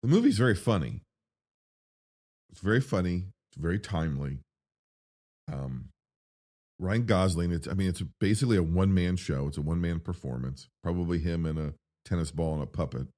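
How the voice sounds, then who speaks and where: Male movie-reaction host, very low voice; rambling, profane, excitable delivery. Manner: excitable and rambling, with profanity and big pitch swings when worked up. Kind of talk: spoken film reaction.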